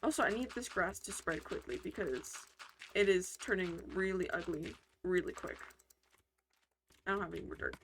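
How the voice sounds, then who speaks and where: A woman's voice: on the low side, normal speed, slight background noise. A woman hosting casual gameplay commentary, talking in a rambling, heated way with lots of fillers and restarts. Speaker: gaming channel host.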